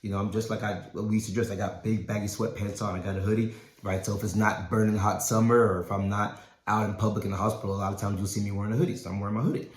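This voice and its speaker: A man's voice: on the low side, little pitch movement, rapid-fire. A man in his thirties giving a keynote speech as a doctor, telling a personal story and acting out the dialogue. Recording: echoey hall.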